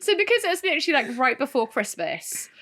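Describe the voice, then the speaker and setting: A woman co-hosting a podcast, telling a funny story in casual chat, animated and often laughing. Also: high-pitched, fast. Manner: animated, laughing, tells stories with voiced asides. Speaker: podcast co-host.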